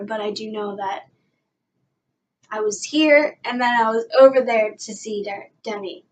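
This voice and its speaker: A young woman telling an excited fan story in a vlog, gushing and breathless, full of "like" and "guys". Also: a little high. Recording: voice a bit far from the mic, faint background noise.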